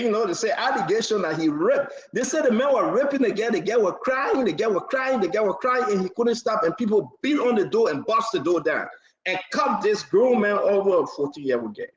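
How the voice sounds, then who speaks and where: A man's voice: sits high, lively intonation, brisk, roomy sound, muffled recording. A man, hosting a live talk show and hammering his points with repeated phrases. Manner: emphatic, repeats phrases, laughs between points.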